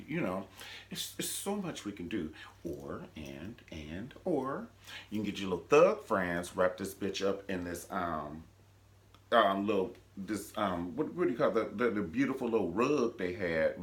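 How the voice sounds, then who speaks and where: Animated low-voiced man recapping gossip. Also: normal speed. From Cleveland, Ohio. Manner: animated, gossipy, dramatic asides. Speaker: TV show reviewer. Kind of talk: casual recap vlog.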